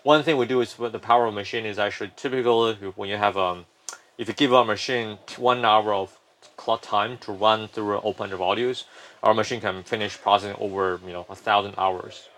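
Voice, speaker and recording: A man's voice: lowish voice, steady tone, fairly quick, a bit bright. A man, a company founder, explaining his firm at length in a casual interview, often restarting sentences.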